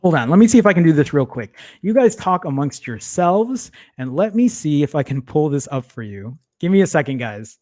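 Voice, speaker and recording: This is a man hosting a casual tech livestream, his voice sitting slightly higher than most men's. He rambles and stumbles over his words, breaks off to mutter or swear quietly under his breath, and keeps asking his viewers to bear with him. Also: big pitch swings, a little fast, few pauses. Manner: rambling, self-interrupting, apologetic while fumbling with files. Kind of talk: casual live-stream chat.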